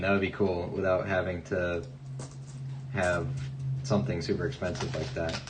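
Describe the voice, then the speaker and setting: A young man hosting a live coin-sorting stream, quietly muttering coin dates between casual, joking chat with his viewers. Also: low-pitched, level tone, normal speed, noisy background. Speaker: coin collecting livestream host.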